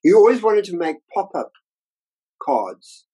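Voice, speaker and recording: An older man, an illustrator, telling lively anecdotes about his career in a casual interview and acting out the voices of people he quotes. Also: high voice, a little slow, breathy edge, poor audio.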